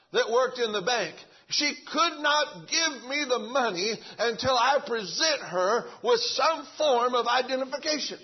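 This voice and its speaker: A man's voice: very high-pitched, slightly rough, lo-fi sound. A man preaching a sermon in a folksy way, stumbling over restarts and calling out amen.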